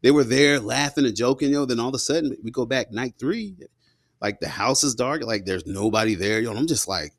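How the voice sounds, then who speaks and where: A man's voice: medium pitch, a little fast, no room sound, clean studio sound. A man, a combat veteran, telling his story in a loose, slangy way, full of "you know" and "man". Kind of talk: casual spoken storytelling.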